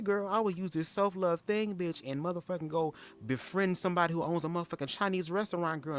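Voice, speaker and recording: A man hosting a casual livestream reaction chat, sassy and profane, telling stories and leaping into high-pitched impressions. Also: fairly bright tone. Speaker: livestream host.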